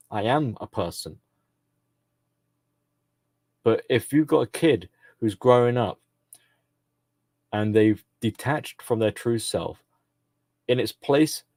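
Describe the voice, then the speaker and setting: A man's voice: mid-range voice, a little mellow, no echo. A man talking in a casual commentary monologue, rambling with frequent fillers and self-corrections.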